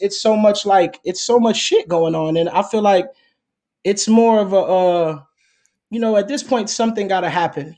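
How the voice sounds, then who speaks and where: A man's voice: sits high, dark tone. A man speaking as a guest in a casual conversation, rambling with lots of fillers and restarts.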